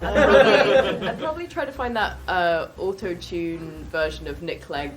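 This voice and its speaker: A woman's voice: lowish voice, moderate pace, heavy background noise. A woman audience contestant answering quiz questions on stage, hesitant and giggly. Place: live comedy venue. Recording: distant and echoey, with crowd and music.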